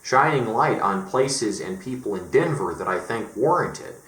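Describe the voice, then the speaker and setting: A man's voice: on the low side, animated, moderate pace, fairly bright tone. Ranting man in a roomy echo. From Colorado. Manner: emphatic, profane, exasperated. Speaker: vlogger. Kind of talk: ranting monologue.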